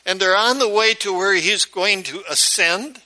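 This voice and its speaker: Bright-toned pastor, slow and high. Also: male voice, low-quality recording. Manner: conversational storytelling, asks the audience questions. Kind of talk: sermon.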